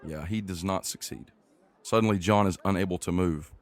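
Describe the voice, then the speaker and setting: Low-voiced, teasing male game master. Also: moderate pace, no room sound. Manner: playful, teasing. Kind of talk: narrating a tabletop game.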